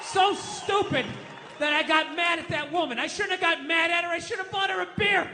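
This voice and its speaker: High-voiced ranting middle-aged comedian man. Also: fast, big-room sound, some chatter behind, a little hiss or hum. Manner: ranting, profane, animated storytelling. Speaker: stand-up comedian. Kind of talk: stand-up comedy routine.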